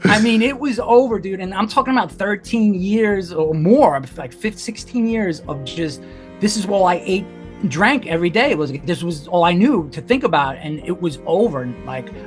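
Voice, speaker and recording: A man's voice: high voice, lively intonation, normal speed, faint music behind. A man in his forties, a podcast guest, telling his own story in a candid, intense way, swearing often and filling his talk with "like.". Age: 40s. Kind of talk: emotional personal storytelling.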